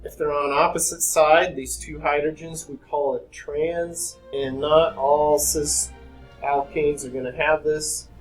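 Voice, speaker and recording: A man's voice: on the high side, little pitch movement, unhurried, soft background music, rough recording. Man lecturing chemistry to a class. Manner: conversational, addresses students with questions.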